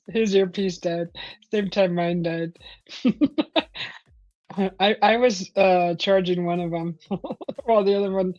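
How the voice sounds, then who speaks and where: A woman's voice: mid-range voice, darkish tone, dry recording. A woman hosting a casual livestream chat, giggling often between remarks. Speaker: livestream host. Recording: slightly dull, dry sound with faint music.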